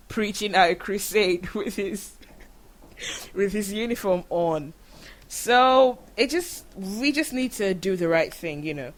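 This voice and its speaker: Nigerian lady hosting, chatty storytelling, bright clear voice. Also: medium pitch. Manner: chatty, animated, uses many fillers. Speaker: podcast host. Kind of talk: casual storytelling monologue.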